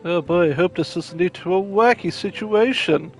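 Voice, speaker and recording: A man's voice: sits high, moderate pace, hardly any pauses, soft background music. A man hosting a casual gameplay stream, playful and jokey, rambling with fillers. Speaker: streamer and host.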